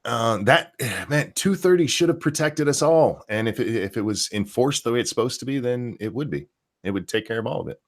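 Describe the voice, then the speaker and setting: A man's voice: medium pitch, expressive, fairly quick. A man hosting a podcast, talking in a casual, profane, rambling way about the news. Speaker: podcast host. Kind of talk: casual opinion chat.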